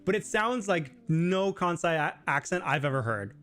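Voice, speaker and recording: A man's voice: sing-song, normal speed, fairly bright tone, soft background music. Chatty man hosting a live Q&A. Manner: chatty, lots of "like" fillers, mimics others in high voice. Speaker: livestream host. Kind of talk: casual live Q&A chat.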